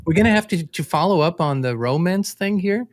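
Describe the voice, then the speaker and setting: A man hosting an interview, telling a story in a relaxed chat with easy laughs. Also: sits high, a little fast. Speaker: host. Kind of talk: casual chat.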